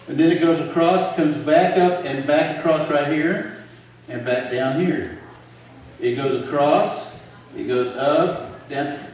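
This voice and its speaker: An older man leading a relaxed Bible study, chatting and quizzing his audience as he goes. He is picked up by a distant microphone in a heavily echoing room, with faint background noise. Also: fairly high pitch. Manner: conversational, quizzes the audience with questions. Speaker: Bible teacher. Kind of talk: informal Bible teaching to a live group. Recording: very echoey room, voice from far off.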